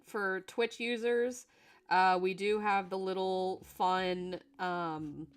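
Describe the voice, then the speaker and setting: A young woman chats to her stream audience in a loose, rambling way, full of fillers and restarts and quick to laugh. Her voice sits on the lower side. Faint music plays behind her. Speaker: streamer reading chat. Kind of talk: casual live-stream chat.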